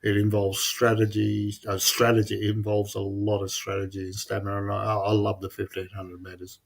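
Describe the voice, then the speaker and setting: Rambling podcast host. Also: male voice, lowish voice, monotone, normal speed, vocal fry. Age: middle-aged. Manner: rambling, swears, frequent restarts. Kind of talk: casual chat.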